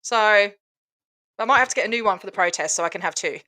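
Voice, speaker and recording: Scottish woman from Glasgow, casual guest chat on a video call, tense bright tone. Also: medium pitch, brisk. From Scotland. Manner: lively, laughs often, chatty.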